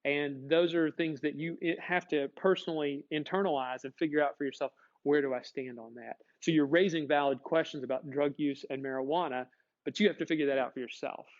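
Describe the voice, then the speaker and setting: A man's voice: on the high side, steady tone, fairly quick, highs cut off. A male teacher giving a conversational classroom lecture, asking the class questions and answering them himself.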